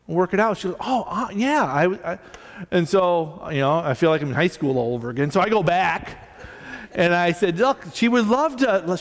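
A male pastor preaching a sermon, animated as he tells stories and acts out both sides of conversations. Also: on the high side, in a large hall. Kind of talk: sermon with storytelling.

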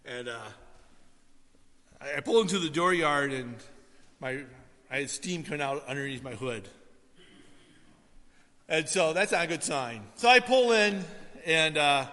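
Bright-voiced pastor preaching in a hall. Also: male voice, fairly high pitch, expressive, a little slow, long pauses. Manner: conversational storytelling with asides to the congregation. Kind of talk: sermon. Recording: long hall reverb.

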